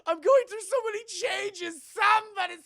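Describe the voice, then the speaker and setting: A man voicing a frightened teenage boy who pleads with his parents in a high, whiny voice. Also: moderate pace, vocal fry, sharp tone, full character voice. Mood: panicked. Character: panicking teenage boy with strange powers.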